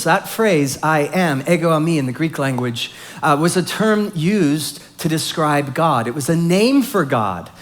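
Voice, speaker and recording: A male pastor preaching a sermon, explaining scripture in a conversational way and building emphasis on key points. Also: fairly high pitch.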